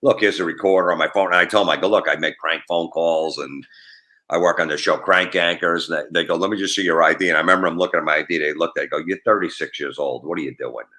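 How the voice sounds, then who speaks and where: A middle-aged man and comedian telling prank call stories in a casual podcast chat, acting out both sides of each call. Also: low voice. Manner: fast, animated storytelling, acting out both sides of phone calls.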